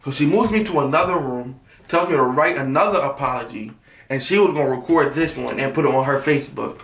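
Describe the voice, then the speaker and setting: A young man telling a casual story from his own life on a vlog, animated, his voice leaping high in mock exasperation. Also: a little fast, echoey room, distant mic. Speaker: storytime vlogger.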